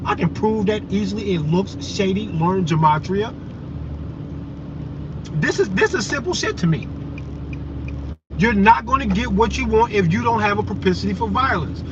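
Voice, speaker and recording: A man's voice: sits high, expressive, normal speed, long pauses. Man ranting profanely over road noise. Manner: heated, profane, confrontational. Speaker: vlogger. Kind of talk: ranting monologue to viewers. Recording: dull lo-fi audio with loud road noise.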